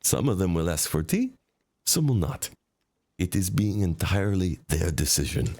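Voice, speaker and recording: A man voicing a polite, quirky male tea shop mentor who speaks formally in oddly broken phrasing, with a gentle, unhurried and mildly teasing manner. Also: low voice, sing-song, pitched below the performer's own voice, full character voice. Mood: gentle advice.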